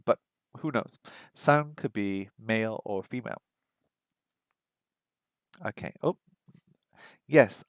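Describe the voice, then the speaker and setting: A chatty man thinks aloud as he works through a language lesson on a stream, sounding out unfamiliar words slowly. His voice sits at an ordinary middle pitch. The recording is close and dry. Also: no echo. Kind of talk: casual livestream chat.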